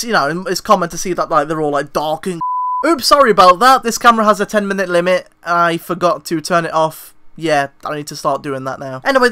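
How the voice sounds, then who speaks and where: A man's voice: high-pitched, bright, forceful tone, smooth. A young British man answering viewer questions to camera in a casual, rambling, self-deprecating way, full of "like". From Britain. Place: room at home, lit by daylight.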